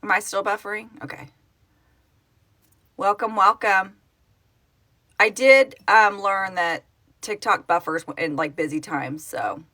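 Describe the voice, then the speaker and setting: A woman's voice: mid-range voice, takes it slowly, long pauses, bright, forceful tone. A middle-aged woman from Oklahoma hosting a casual live stream from home on her phone, chatting and answering viewers' comments in a rambling, self-correcting way. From Oklahoma, United States. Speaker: livestream host, project founder.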